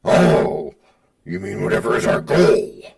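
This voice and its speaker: A man's voice: medium pitch, sing-song, measured pace, vocal fry, darkish tone, breathy edge, recorded from a distance. A man co-hosting a podcast, dry and questioning, asking for things to be explained. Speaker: podcast co-host. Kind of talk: casual podcast banter.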